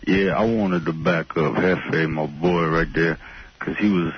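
Deep-voiced slangy radio caller. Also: male voice, steady tone, measured pace, slight background noise. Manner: laid-back, slangy, mumbling. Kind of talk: casual phone call. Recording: dull lo-fi radio phone call.

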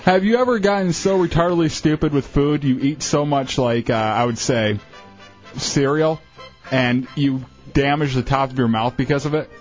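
A man's voice: medium pitch, normal speed. Wisecracking male radio co-host. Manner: wisecracking, crude jokes. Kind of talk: casual radio banter. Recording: dull lo-fi radio recording with faint music.

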